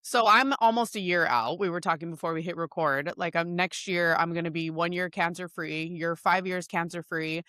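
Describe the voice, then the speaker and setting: A woman hosting a podcast interview, chatting in an animated, casual way and laughing as she talks. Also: fairly low pitch, moderate pace, few pauses, no room sound, studio quality. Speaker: podcast host.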